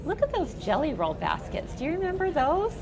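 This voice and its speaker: A woman hosting a casual quilt-shop chat show, telling stories in a chatty, animated way. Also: sits high, brisk, over loud music.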